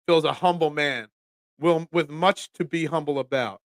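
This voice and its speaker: A man hosting a casual sports talk show, ranting in an animated, self-deprecating way. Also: a little high, normal speed, no room sound.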